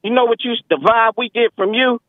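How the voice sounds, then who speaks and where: A man from Detroit calling in, his voice pitched high and squeezed through a thin phone line. He mocks the other caller and laughs at his own jabs. The audio is dry and phone-like. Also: brisk, no room sound. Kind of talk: heated phone-in argument.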